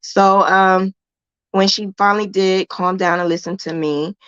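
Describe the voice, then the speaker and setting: A blunt, self-assured woman talks through a crochet lesson in a loose, colloquial way, repeating herself to drive points home. Her voice sits at a middle pitch. The sound is dry and a little dull, as if recorded close in a small room. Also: fairly even intonation, measured pace, a bit bright, clean tone, dry recording. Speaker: crochet teacher and livestream host. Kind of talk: casual livestream lesson.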